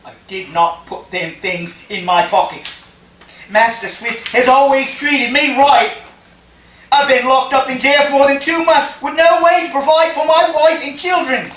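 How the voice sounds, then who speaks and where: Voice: mid-range voice, steady tone, unhurried, fairly bright tone, lightly acted. A performer at a table read, playing a working man who pleads his innocence in court. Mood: pleading. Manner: earnest, pleading. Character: accused workman pleading innocence. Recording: echoey room, mic far off, faint noise.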